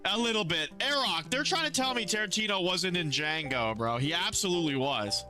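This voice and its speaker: With music playing behind him, a young gaming streamer talks with his viewers in a high-pitched, brisk voice. He's animated, reads chat aloud and responds, and frequently drops sentences halfway before starting over.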